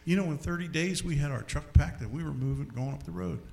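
A man giving a storytelling testimony before an audience, animated and often repeating his words. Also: fairly high pitch, fast talker, creaky. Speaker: speaker giving a personal testimony.

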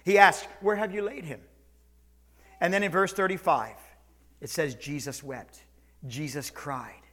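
Male pastor, high voice, preaching in church, loud calls to soft slow lines. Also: fairly even intonation. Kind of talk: sermon. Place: church sanctuary, also streamed online.

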